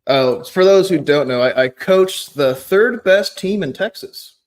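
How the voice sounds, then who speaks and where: A man talking as a guest on a podcast in casual banter, telling deadpan jokes with rambling asides. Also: sits high, a little slow.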